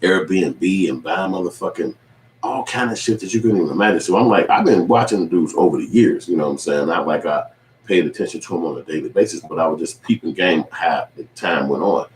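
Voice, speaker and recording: A man's voice: low voice, a little fast, far from the mic. A man hosting his own show, giving a loose, profane recap with acted quotes. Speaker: online show host. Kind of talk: casual recap monologue. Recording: echoey room with faint ambient noise.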